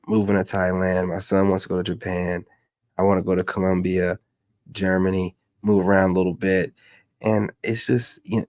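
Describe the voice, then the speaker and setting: A man's voice: on the low side, a little mellow, no room sound. A man hosting a casual reaction commentary in a loose, slangy way. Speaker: commentary channel host.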